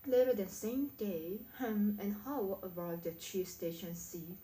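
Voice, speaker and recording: A woman with a Korean accent reading an English book aloud slowly and carefully, stumbling now and then. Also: mid-range voice, warm tone, echoey room, rough recording. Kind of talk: slow read-aloud practice of a book.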